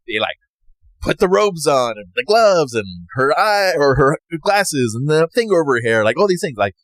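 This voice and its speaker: A man tells a personal story in a loose, rambling way, his pitch swinging widely as he acts out what other people said. The sound is dry and close, with no room around it. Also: very animated, normal speed, fairly bright tone, no echo. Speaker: podcast host.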